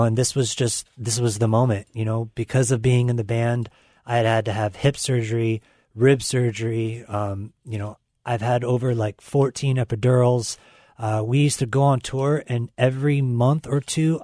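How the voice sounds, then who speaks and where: A man's voice: medium pitch, a little mellow, dry recording, clean studio sound. A man speaking candidly as a guest on a live call-in radio show, rambling with many fillers. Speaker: guest musician. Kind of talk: casual radio interview.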